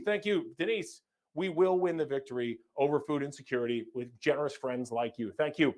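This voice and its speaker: A man's voice: mid-range voice, fairly quick. A man hosting a live fundraiser as emcee, energetically calling out donors and thanking them, sometimes stumbling over names. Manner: energetic, upbeat announcing of donors.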